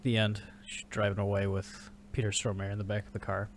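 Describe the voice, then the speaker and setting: A man's voice: fairly low pitch, brisk, slight background noise. Easygoing man co-hosting a podcast. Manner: relaxed, swears, quotes scenes with amused delivery. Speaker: podcast co-host. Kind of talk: casual movie podcast chat.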